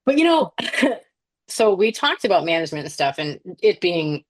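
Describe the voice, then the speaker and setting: A woman's voice: fairly low pitch, very animated, moderate pace. A young woman, a nurse, chatting casually on a podcast, telling stories animatedly, laughing often and swearing freely. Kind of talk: casual chat.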